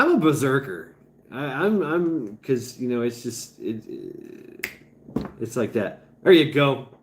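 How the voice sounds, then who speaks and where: Man, livestream host, casual rambling chat, unhurried, stammers, swears. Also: medium pitch. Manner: rambling, stammering restarts, profane.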